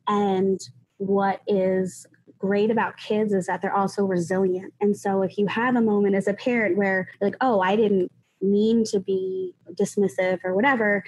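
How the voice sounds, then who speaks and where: A woman's voice: medium pitch, a little mellow, low-quality recording. A woman who is a guest therapist on a podcast, explaining things at length and often adding "like" and "you know". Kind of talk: podcast interview.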